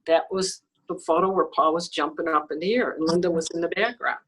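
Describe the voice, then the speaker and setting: A woman's voice: on the low side, brisk, background noise. A woman photographer, a guest on an interview show, telling a story casually with frequent laughs and acted-out quotes. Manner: lively storyteller, laughs often, acts out quoted lines; frequent "you know" and "okay" fillers.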